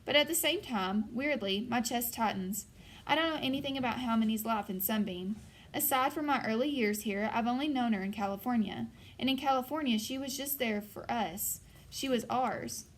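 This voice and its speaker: A woman's voice: a little high, moderate pace. Woman narrating a first-person audiobook.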